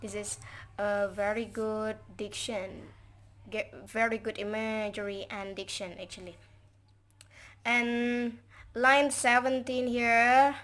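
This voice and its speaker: A woman's voice: fairly high pitch, little pitch movement, takes it slowly, fairly bright tone. A young woman student presenting a poem analysis for an assignment, talking hesitantly with many fillers and restarts, her first language Indonesian. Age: young adult. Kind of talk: informal recorded poem analysis. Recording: faint background noise.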